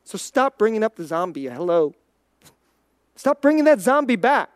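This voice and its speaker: A preacher giving an informal, conversational sermon, chatty and full of "like", swinging between quick bursts and slow, quiet emphasis. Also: medium pitch, very animated, dry recording, clean studio sound.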